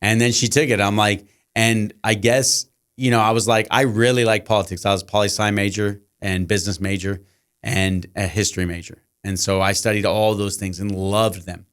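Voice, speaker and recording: Middle-aged teacher guest, low smooth voice; chatty storyteller who plays out every exchange. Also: male voice, level tone, normal speed, a bit bright. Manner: long anecdotes, acting out quoted dialogue. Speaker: guest, high school teacher. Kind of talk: casual podcast storytelling.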